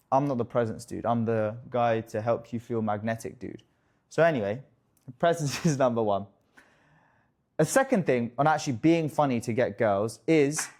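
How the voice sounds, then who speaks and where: A young man talking straight to camera as a dating coach, casual and jokey, swearing freely and tossing in quick asides. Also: medium pitch, darkish tone. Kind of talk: direct-to-camera coaching talk.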